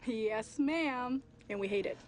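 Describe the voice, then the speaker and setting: A deadpan sarcastic teen clerk. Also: female voice, on the high side, slow pace. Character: sarcastic teenage girl shop clerk. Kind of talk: film dialogue.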